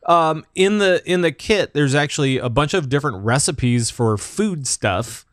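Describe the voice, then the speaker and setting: A man's voice: fairly high pitch, lively intonation, a little slow, no echo, studio quality. A man guest on a casual podcast chat, rambling with lots of fillers and easy laughs. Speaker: guest panelist.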